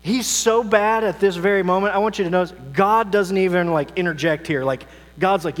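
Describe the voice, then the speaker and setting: A male pastor delivering a sermon, swinging between loud emphasis and quiet, soft asides. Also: sits high, normal speed. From United States. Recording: long reverb, mains hum.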